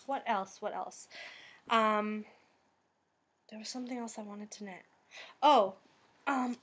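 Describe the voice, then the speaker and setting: A woman's voice: on the high side, a bit bright. A young woman with a Boston accent, chatting casually about her knitting and sewing projects in a rambling way, with many "um"s. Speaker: crafting vlogger. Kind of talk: casual crafting vlog chat.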